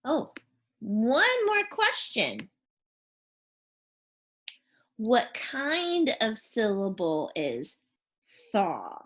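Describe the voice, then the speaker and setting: Teacher voice: woman, very slow and lively, spells out sounds for kids. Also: on the high side. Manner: slow, clear, sounding out letters and prompting questions. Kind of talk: phonics lesson for young children.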